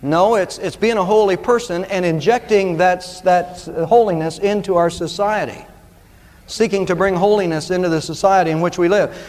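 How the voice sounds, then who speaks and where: A high-pitched male pastor preaching in an earnest, emphatic way, stretching out the words he wants to land. His voice rings with long reverb through a large church hall. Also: darkish tone. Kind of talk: sermon.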